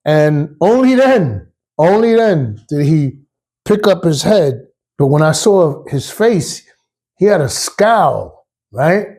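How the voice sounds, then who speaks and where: Husky-voiced New ex-cop storyteller. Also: male voice, on the high side, big pitch swings, takes it slowly, darkish tone. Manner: streetwise, casual, acts out voices. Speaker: retired police officer. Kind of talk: personal storytelling.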